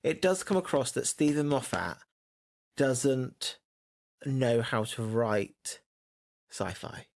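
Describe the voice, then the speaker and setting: A man's voice: medium pitch, lively intonation, takes it slowly, long pauses. Chatty man, podcast banter. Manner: chatty, laughs often, opinionated. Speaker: podcast co-host. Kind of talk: casual chat.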